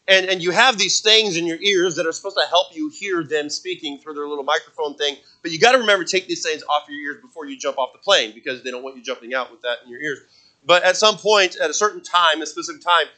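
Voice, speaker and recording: A male pastor delivers a sermon in church, his voice high and bright. He tells a story with many restarts and fillers and breaks into shouted lines for the people in it. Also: rough recording.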